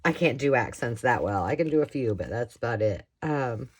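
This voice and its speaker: A woman's voice: extremely low pitch, animated, moderate pace, husky. Chatty woman crafting on camera. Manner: chatty, rambling, with frequent laughs. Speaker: craft vlogger. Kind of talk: casual chat while crafting.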